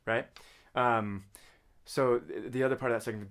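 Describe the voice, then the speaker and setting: Over drums and music, a man with a lowish voice and fairly even intonation speaks fairly quickly in a relaxed drum lesson. He counts beats, voices the patterns with sung syllables, and names which hand plays, right or left.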